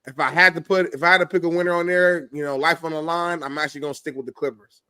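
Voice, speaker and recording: A man co-hosting a sports talk show talks through his predictions in a steady, reasoning way. His voice sits a bit higher than most men's. It is recorded dry and close, with no room sound. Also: clear, resonant tone, dry recording. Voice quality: measured, reasoning, conversational.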